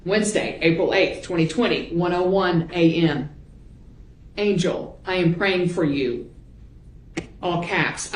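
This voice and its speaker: A woman prosecutor examining a witness in court, reading emails aloud in a measured, plain way. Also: fairly low pitch, a little hiss or hum. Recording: roomy courtroom audio.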